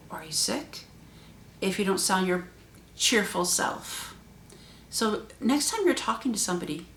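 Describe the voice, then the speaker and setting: A woman with a mid-range voice hosts her own channel, speaking directly to the viewer. She talks expressively, raising her pitch and volume to stress points. The sound carries a noticeable roomy echo. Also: slight background noise. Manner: expressive, varies pitch and loudness for emphasis. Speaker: channel host. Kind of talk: talking to camera in a vlog.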